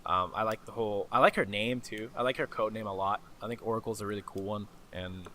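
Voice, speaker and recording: Bright-voiced man chatting on a podcast. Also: on the low side, fairly even intonation, quick pace, a little hiss or hum. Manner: rambling, many restarts and fillers, laughs easily. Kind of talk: casual chat about a video game.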